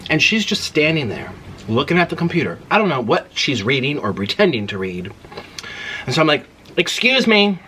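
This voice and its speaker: A man hosting an eating video, retelling an annoying drive-thru visit in an indignant, animated way between bites. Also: on the high side, slight background noise. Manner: animated, indignant retelling with mouth-full murmurs. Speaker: mukbang host. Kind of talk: storytelling while eating on camera.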